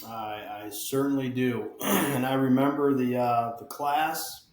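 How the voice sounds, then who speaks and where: A middle-aged man with an upstate New York accent, a fire chief guest talking in a relaxed, plain-spoken way. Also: mid-range voice, slow, roomy sound. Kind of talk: casual interview chat.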